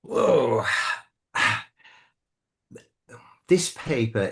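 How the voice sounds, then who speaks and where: An older man with a British English accent from England, chatting as a guest commentator, talking haltingly with many restarts and self-corrections. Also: medium pitch. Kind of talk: casual chat.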